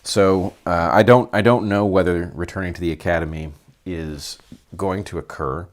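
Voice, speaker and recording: A man with a very deep voice answers interview questions as a former professor. He speaks deliberately and articulately, building long sentences. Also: fairly even intonation.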